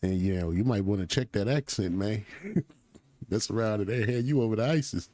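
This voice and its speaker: A man's voice: fairly low pitch, moderate pace, warm tone, dry recording. A man hosting a casual reaction commentary, talking loosely in slang. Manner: loose, slangy, talks back to the clips. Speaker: commentary channel host.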